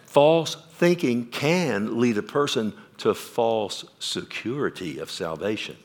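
A male pastor, preaching a sermon. He questions the congregation and swings from loud emphasis down to quiet. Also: mid-range voice, animated, slow pace.

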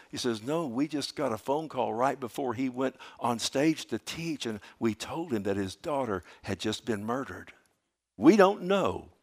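A man preaching a sermon, earnest and conversational, often asking "Amen?" and calling listeners "loved one", rising to loud, emphatic bursts and dropping to soft asides. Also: medium pitch, lively intonation, moderate pace. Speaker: pastor.

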